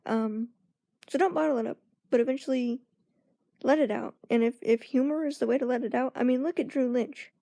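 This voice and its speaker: A young woman talking casually to her viewers in a personal vlog, halting and searching for words, often laughing. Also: sits high, gravelly, mellow, no echo, clean studio sound. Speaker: vlogger.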